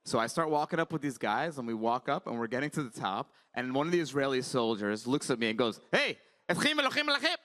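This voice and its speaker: A man doing animated stand-up comedy on a conference stage, telling stories with voiced asides. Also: medium pitch, quick pace, few pauses. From Iran. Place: conference stage before a live audience.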